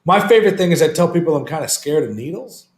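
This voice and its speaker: A man's voice: fairly high pitch, very animated, fast. A man co-hosting a casual talk show, trading dry, self-mocking wisecracks and anecdotes. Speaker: co-host. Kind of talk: crude comedic casual chat. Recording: echoey room with faint noise.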